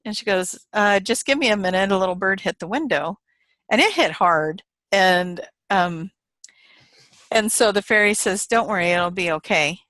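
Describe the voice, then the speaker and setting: A woman's voice: mid-range voice, expressive, moderate pace, a bit bright, no room sound. A woman guest in an interview, telling a story casually, retelling quoted voices with animation and laughter.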